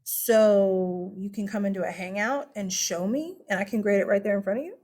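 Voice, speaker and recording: A woman's voice: mid-range voice, moderate pace, darkish tone. A woman history teacher giving casual online class instructions in a chatty, upbeat way, laughing now and then and using many fillers. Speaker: high school history teacher.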